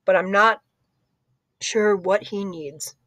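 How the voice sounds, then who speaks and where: A woman's voice: mid-range voice, fairly even intonation, slow pace, a bit bright, dry recording. Woman reading an audiobook, dry sound. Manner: conversational, with slips and asides. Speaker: audiobook reader. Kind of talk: first-person book narration.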